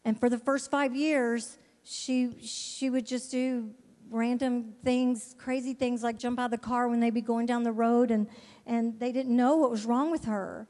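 A high-pitched woman tells her missionary testimony from the pulpit. She speaks fervently, repeats her words and stumbles through restarts. Her voice rings out with the long reverb of a large hall. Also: steady tone, measured pace, a little mellow. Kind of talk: testimony sermon.

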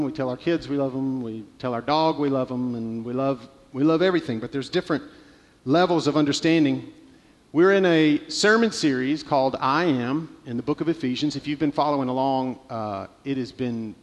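Halting male preacher in a reverberant hall. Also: mid-range voice. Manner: halting storytelling with many restarts. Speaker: pastor. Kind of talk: sermon.

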